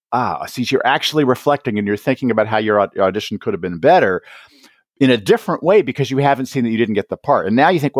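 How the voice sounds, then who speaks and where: Appearing as an author and education guest, this man chats in an interview about teaching, lively and animated, performing the voices he quotes and checking in with "right?" again and again. He talks quickly in a mid-range voice, recorded at studio quality without echo.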